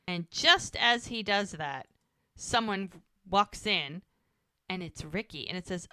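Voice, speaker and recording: A podcast co-host recaps a TV episode scene by scene in casual chat, animatedly quoting the characters' lines. Her voice is medium-pitched and slow, recorded dry with clean studio sound.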